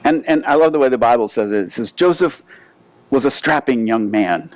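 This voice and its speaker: A man's voice: mid-range voice, brisk, dry recording, rough recording. Storytelling male pastor, dry sound. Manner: storytelling with animated asides and repeated word restarts. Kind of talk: sermon.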